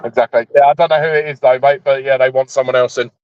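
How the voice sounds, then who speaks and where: A man's voice: mid-range voice, fairly even intonation, quick pace, clear, resonant tone, no room sound. A man calling into a live stream from his warehouse workplace, telling stories in a laid-back way. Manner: laid-back, storytelling, says mate a lot. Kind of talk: casual chat. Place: at work in a warehouse. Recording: dull dry lo-fi call audio.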